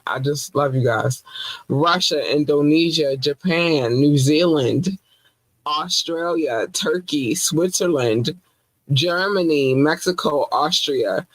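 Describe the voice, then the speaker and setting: Host, woman, 40s: casual, playful, expressive chat; dry studio sound. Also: dry recording, rough recording. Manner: animated and playful, with sudden high swoops. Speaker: podcast host.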